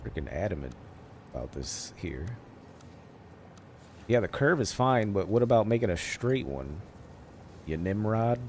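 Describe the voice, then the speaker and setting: A man's voice: fairly low pitch, big pitch swings, measured pace, long pauses, noisy background. A man streaming a factory-building game, muttering to himself, cursing and laughing at his own mistakes. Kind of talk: casual live gameplay commentary.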